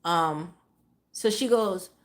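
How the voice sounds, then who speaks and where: A woman's voice: lowish voice, extremely slow. A woman streamer telling a casual story, swearing freely and repeating phrases for emphasis. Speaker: live streamer.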